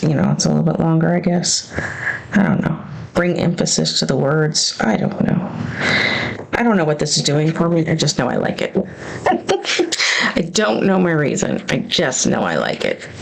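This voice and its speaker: A woman's voice: deep voice, gravelly, low-quality recording. A woman planner vlogger thinking aloud as she crafts, hesitant and self-questioning as she works out her choices.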